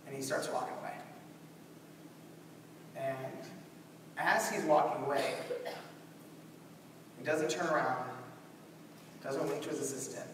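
A young man giving a storytelling keynote in a large conference hall, animated and acting out scenes. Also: mid-range voice, a little slow, pauses often, noisy background. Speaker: keynote speaker. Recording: echoey hall from far off.

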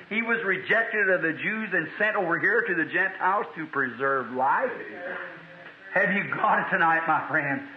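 A man preaching a revival sermon, telling a story in a fervent, folksy way. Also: sits high. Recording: tinny archival hall recording.

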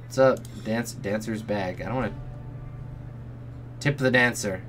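A man's voice: lowish voice, a little slow, a bit bright, faint music behind. A man streaming a role-playing game, casually commenting in a jokey way, swearing and often muttering under his breath. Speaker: let's play streamer.

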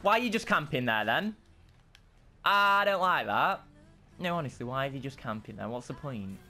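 A young man giving casual, excitable commentary over his own gameplay, swinging between frustrated outbursts and self-mocking asides. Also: mid-range voice, moderate pace, faint music behind. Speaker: gaming channel host.

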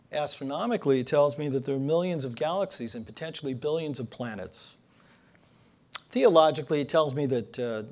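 A man's voice: mid-range voice, vocal fry, a little mellow. A man giving a public lecture, telling jokes with dry storytelling and building each one to its punchline. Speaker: political cartoonist giving a lecture. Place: lecture hall before an audience.

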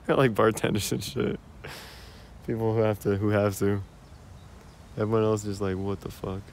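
A young American man with a lowish voice, chatting casually to his stream as he walks outdoors. His talk is slangy and laid-back, and he laughs often. Faint outdoor ambience sits behind his phone-recorded voice. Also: a little slow, long pauses, a little hiss or hum. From United States. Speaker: livestreamer. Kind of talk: casual live-stream chat. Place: outdoors in a park-like cemetery.

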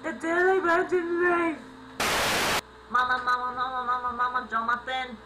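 High-pitched and speaking at a moderate pace, a young gaming channel host gives excitable let's-play commentary, breaking into sudden yelps and laughs. It is a home recording with mains hum.

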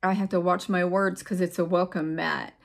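A woman speaking straight to her viewers in a loose, heartfelt monologue, her voice full of gravelly fry. She wanders from thought to thought, repeats words to press her point, and trails off into pauses. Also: lowish voice, flat delivery. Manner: rambling and reflective, drifting into pauses; earnest, repeats words for emphasis. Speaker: vlogger.

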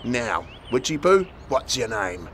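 A man's voice: mid-range voice, big pitch swings, unhurried, music in the background. A man voicing a bossy young girl in a witch costume who likes to take charge of her group of friends.

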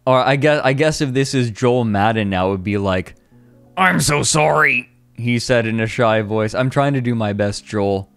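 A man streaming a comedic dramatic reading, deadpan and slow, with laughing asides. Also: on the low side, clear, resonant tone, no room sound, soft background music. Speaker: streamer reading a fanfic aloud.

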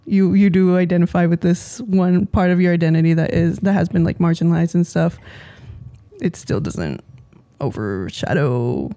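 A woman's voice: lowish voice, lively intonation, normal speed, mellow. A woman co-hosting a podcast in casual chat, playful and giggly in easy banter. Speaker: podcast co-host.

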